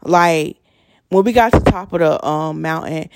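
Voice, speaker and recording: A woman's voice: low voice, normal speed, dry recording, clean studio sound. Chatty woman telling a story. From North Carolina. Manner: chatty, animated, addresses listeners as y'all. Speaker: podcast host. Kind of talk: casual storytelling monologue.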